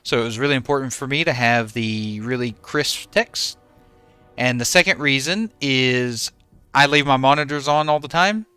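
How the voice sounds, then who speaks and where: A man's voice: medium pitch, normal speed, bright, forceful tone, smooth, faint music behind. A man in his forties, a game streamer chatting casually with his viewers and answering them by name.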